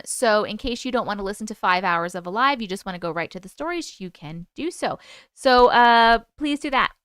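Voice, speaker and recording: A woman's voice: a little high, a bit bright, clean tone, no echo, studio quality. A woman with a New York accent hosting a casual livestream, chatting away, greeting viewers by name and swearing now and then. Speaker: livestream host and storyteller.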